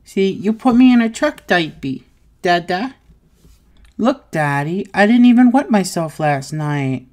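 A woman's voice: mid-range voice, expressive, a little slow, darkish tone, natural voice. A woman voicing an adult who plays a clingy, stubborn childlike little boy in an audio role-play, whiny, pleading and giggly. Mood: cuddly.

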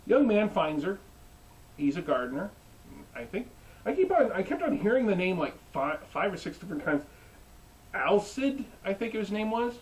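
Animated young man recapping with jokes. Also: sits high, moderate pace, recorded from a distance, rough recording. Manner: animated, joking, mimics characters. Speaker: anime reviewer. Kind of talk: comedic recap.

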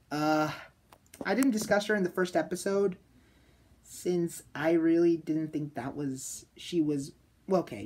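Husky low-voiced woman reviewing anime. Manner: rambling, chatty, many fillers and restarts; excitable, jumps into loud shouted bits. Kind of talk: casual spoken review.

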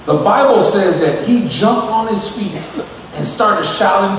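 A man's voice: sits high, lively intonation, a little slow, slight background noise. A male pastor preaching emphatically and acting out scenes, heard from a distance in an echoey church sanctuary. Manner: emphatic preaching that acts out scenes, with calls to the congregation. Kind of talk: sermon. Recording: echoey church hall from far off.

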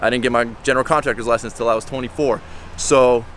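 A man's voice: medium pitch, steady tone, fast talker, fairly bright tone, a little hiss or hum. A man in his twenties, a contractor, talking candidly and bluntly in a casual vlog, swearing now and then. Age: 20s.

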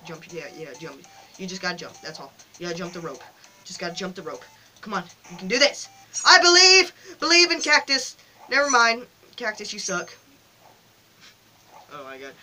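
A woman casually commenting on a mobile game she plays, excitable and loudly cheering on her character, recorded on a phone. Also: mid-range voice, rough recording.

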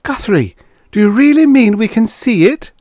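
A man voicing an anxious young woman stranded on a wild planet, high-pitched and pleading. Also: expressive, normal speed, no room sound, studio quality.

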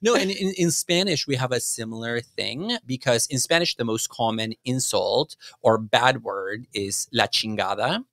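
A man's voice: mid-range voice, moderate pace, creaky, hardly any pauses, a bit bright, no echo. A man from Mexico co-hosting a podcast, talking thoughtfully in an academic conversation and laughing now and then. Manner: thoughtful, frequent fillers and restarts, laughs. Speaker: podcast co-host.

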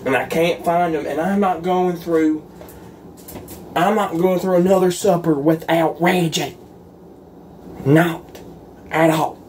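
A man's voice: a little high, steady tone, slow pace, long pauses, darkish tone, a little hiss or hum. A man doing a solo roleplay in a folksy, earnest and pleading way, as if talking to a gang of friends. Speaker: roleplay creator.

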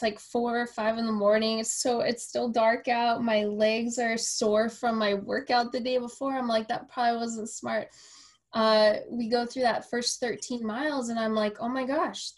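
A woman hosting a podcast interview, telling a lively story and acting out the voices of the people in it. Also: a little high. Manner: animated storyteller, quoting herself and others. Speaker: podcast host. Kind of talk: casual interview conversation.

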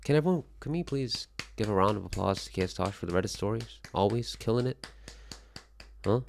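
A man's voice: on the low side, fairly quick, gravelly, a little hiss or hum. A young man from Korea hosting a casual solo show, rambling and joking with frequent swearing. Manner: rambling, animated, swears freely, jokey. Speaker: livestream host. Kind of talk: casual chat reacting to chat.

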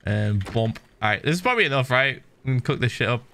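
A man's voice: medium pitch, lively intonation, quick pace, creaky, bright, forceful tone, a little hiss or hum. A man streaming a game in casual chat, playful and laughing often, tossing in little sound effects.

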